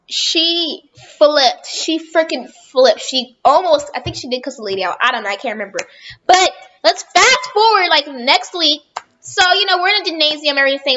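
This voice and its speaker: A woman's voice: high-pitched, sharp tone, dull audio. A woman telling a rambling storytime on her vlog, chatting casually and often correcting herself. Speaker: vlogger.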